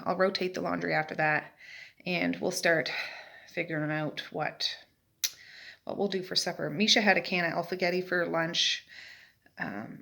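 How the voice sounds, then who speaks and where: A woman's voice: on the low side, vocal fry, fairly bright tone. A middle-aged woman from Nova Scotia chatting casually about her day at home, rambling through stories with plenty of fillers. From Nova Scotia, Canada. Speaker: vlogger, mother. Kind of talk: casual day-in-the-life chat. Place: at home, sitting in a rocking chair.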